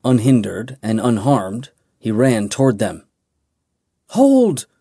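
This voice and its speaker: A man reading a fantasy audiobook in a measured, dramatic way. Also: mid-range voice, a little mellow, no echo, studio quality. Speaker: audiobook narrator. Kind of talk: scripted fantasy narration.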